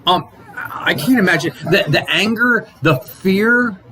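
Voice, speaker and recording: A man leads a relaxed Sunday school lesson, lively and talkative, jumping into voices for the people he quotes and tripping over his own restarts. His voice sits fairly high for a man. A soft layer of room noise runs underneath. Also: takes it slowly, low-quality recording. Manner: animated, acts out quotes, frequent restarts. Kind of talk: casual Bible lesson.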